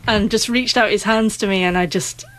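A woman's voice: mid-range voice, normal speed, fairly bright tone, dry recording. A young woman speaks with a noticeable stutter, catching and repeating her first sounds. She tells a personal story as a guest in an interview, earnest and emotional. The sound is dry and close, with no room around her.

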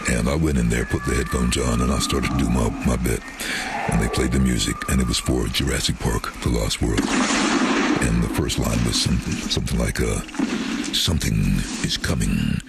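A man who works as a voice-over artist, telling animated stories in an interview and acting out other people's voices. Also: extremely low pitch, a little fast, very noisy. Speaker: voice-over artist and former train driver. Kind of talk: storytelling in an interview.

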